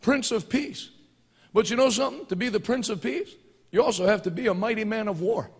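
A man preaching a fervent sermon, moving between quiet storytelling and loud, rousing declarations. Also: sits high, brisk, slightly rough. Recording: church hall reverb.

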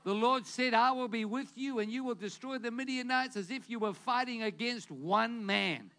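A man with a strikingly high voice delivers a sermon. He retells scripture as animated storytelling, acting out the dialogue. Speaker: pastor.

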